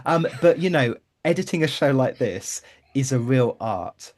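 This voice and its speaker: A man's voice: medium pitch, expressive, measured pace, darkish tone. A man guest co-hosting a podcast, talking in an enthusiastic, rambling, chatty way. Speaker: guest co-host. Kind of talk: casual podcast chat.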